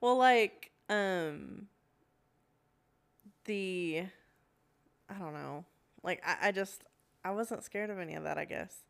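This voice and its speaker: Laid-back woman, lowish voice. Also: takes it slowly, vocal fry, pauses often, smooth. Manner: laid-back, laughs often. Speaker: podcast co-host. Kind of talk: casual chat.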